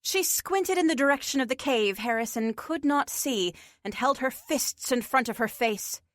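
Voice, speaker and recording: A woman narrating a fantasy audiobook in a measured, expressive way. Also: sits high, dry recording, studio quality. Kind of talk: scripted fiction narration.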